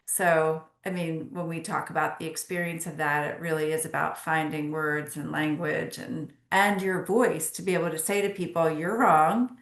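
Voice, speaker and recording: A woman's voice: low-pitched, level tone, normal speed, gravelly, hardly any pauses. A woman clinician speaking as a guest, earnest and emphatic with wry humor. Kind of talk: conversational discussion. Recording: roomy sound.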